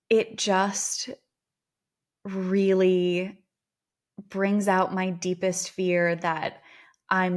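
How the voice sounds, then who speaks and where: Candid Minnesotan woman, slightly low voice. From Minnesota, USA. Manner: candid, self-reflective, conversational. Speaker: podcast host and therapist. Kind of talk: reflective solo podcast talk.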